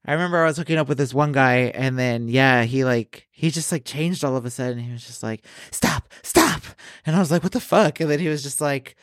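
A man's voice: medium pitch, fast talker, hardly any pauses, clear, resonant tone, no room sound, studio quality. A man co-hosting a podcast, telling frank stories in a casual, profane, laughing way. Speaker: podcast co-host. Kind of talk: casual chat.

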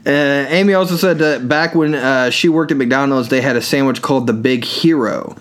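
A man's voice: mid-range voice, moderate pace. A tired man co-hosting a podcast, joking and rambling as he reads listener comments. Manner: joking, rambling, laughs often. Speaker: podcast co-host. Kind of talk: casual chat reading listener comments.

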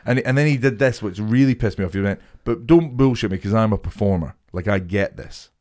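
A man's voice: on the low side, brisk, darkish tone. A young man co-hosting a podcast, swearing freely and acting out stories in casual chat. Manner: swears a lot, acts out anecdotes. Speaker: podcast co-host.

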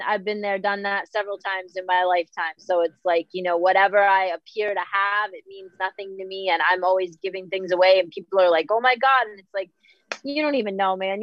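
A middle-aged woman from Boston, a guest talking candidly in an animated, self-deprecating way and often quoting herself. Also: medium pitch, dry recording, dull audio. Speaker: podcast guest. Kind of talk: candid conversational chat.

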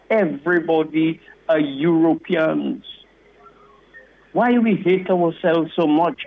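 Male caller, fired-up and repetitive, voice on the higher side, tinny phone audio. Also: vocal fry. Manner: impassioned, repetitive, keeps addressing the host by name. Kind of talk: call-in radio rant. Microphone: telephone.

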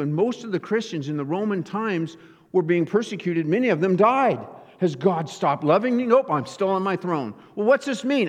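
Male preacher in an echoing hall. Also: on the high side. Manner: earnest teaching, rhetorical questions. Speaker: pastor. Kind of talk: sermon. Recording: reverberant hall.

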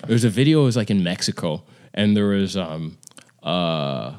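A man's voice: low voice, expressive, moderate pace, darkish tone, smooth. Casual swearing young man telling stories. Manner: loose storytelling, heavy swearing and fillers. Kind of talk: casual chat.

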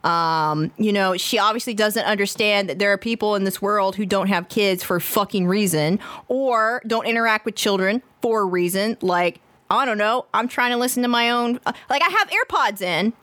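A woman's voice: medium pitch, normal speed, few pauses, a bit bright, no echo. A woman podcast co-host giving her opinion in casual chat, blunt, repeating phrases and swearing.

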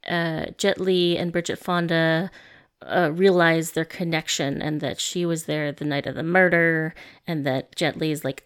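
A woman's voice: sits low, level tone, normal speed. A woman co-hosting a podcast in casual chat, talking hesitantly with many fillers and restarts. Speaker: podcast co-host. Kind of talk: casual chat reviewing a film.

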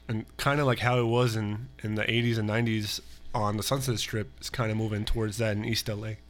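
A man's voice: on the low side, level tone, brisk. A man, a musician guest on a podcast, talking in a laid-back way, repeating words and calling people dude. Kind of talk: casual interview chat.

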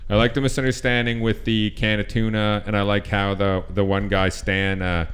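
A man's voice: on the low side, little pitch movement, normal speed, fairly bright tone, clear, resonant tone. A man co-hosting a movie podcast, chatting casually and joking around. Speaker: podcast co-host. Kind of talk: casual chat.

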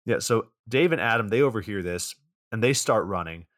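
A man's voice: on the low side, animated, fairly quick, fairly bright tone, no room sound, studio quality. A young man casually recapping a movie's plot on a podcast, rambling along with plenty of fillers. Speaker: podcast co-host.

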